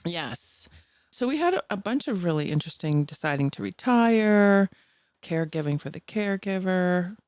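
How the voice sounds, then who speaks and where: A woman's voice: fairly low pitch, expressive, normal speed, darkish tone, no echo. A woman in her sixties with a Boston accent, co-hosting a podcast in bubbly casual chat and laughing often. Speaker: podcast co-host.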